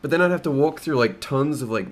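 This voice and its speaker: A man's voice: medium pitch, animated, quick pace. Crude, swearing young man. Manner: crude, swears a lot, laughs while telling stories. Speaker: YouTuber answering fan questions. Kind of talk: casual Q&A storytelling.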